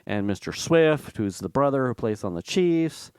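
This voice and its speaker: A middle-aged man rambles through a story on a podcast, swearing casually and jumping into voices. His delivery swings widely in pitch, with a smooth, clear tone. The sound is close and dry. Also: normal speed, no echo. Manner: rambling, animated, swears casually, acts out quotes. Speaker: podcast co-host.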